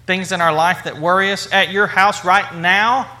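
Bright, high-voiced male preacher. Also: fairly even intonation, moderate pace. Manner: conversational, repetitive, rhetorical questions. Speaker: pastor. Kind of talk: sermon.

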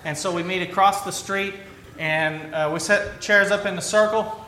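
A man's voice: sits high, fairly even intonation, sharp tone, a little hiss or hum. A man preaching a conversational sermon in a church, often restarting and filling with ums. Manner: conversational, halting with restarts and fillers. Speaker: pastor. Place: church sanctuary. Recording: roomy church echo, faint ambience.

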